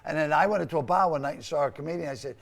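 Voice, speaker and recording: A comedian in his sixties with a Boston accent, telling stories in a loud, animated way as a guest on a TV studio chat. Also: on the high side, rapid-fire. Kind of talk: casual chat.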